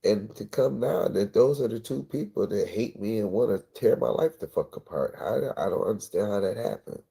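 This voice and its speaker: A man livestreaming, telling a personal story in a rambling, profane, intense way with a gravelly voice. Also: lowish voice, lively intonation, normal speed, mellow. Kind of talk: emotional storytelling monologue.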